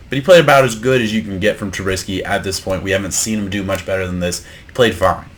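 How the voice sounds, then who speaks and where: A deep-voiced man gives his casual take on the week's football games. He talks loosely, doubles back on his words and builds into heated, profane rants about bad coaching. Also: fast talker. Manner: heated ranting, swearing, many restarts; laid-back reactionary musing. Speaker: sports podcast host. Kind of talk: casual sports reaction commentary.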